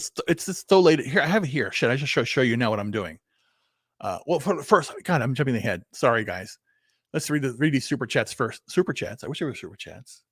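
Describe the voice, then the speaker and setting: Halting man in his fifties, rambling solo. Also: medium pitch, no echo, clean studio sound. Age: 50s. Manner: meandering, halting, many restarts and repeated words; blunt, swears casually. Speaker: vlogger. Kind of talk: rambling solo livestream talk.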